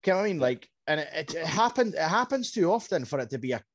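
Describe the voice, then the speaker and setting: A Scottish man on a podcast, chatting about football in an animated, rambling way. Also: a little high, fast talker, dry recording. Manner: animated, rambling, repeats words. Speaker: podcast co-host. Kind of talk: casual football chat.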